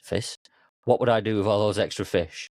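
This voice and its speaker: A man voicing a contented village fisherman who speaks steadily and calmly. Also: fairly low pitch, moderate pace, no echo, studio quality, voice pushed up, close to an everyday voice. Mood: puzzled calm. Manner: steady, calm and puzzled.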